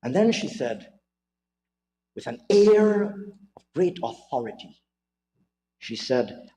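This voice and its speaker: A man's voice: medium pitch, big pitch swings, takes it slowly, pauses often, dark tone, slight background noise. A man giving a parliamentary budget debate speech, mocking and theatrical, repeating phrases for emphasis. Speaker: member of parliament. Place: large parliament chamber. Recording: echoey chamber with long reverb.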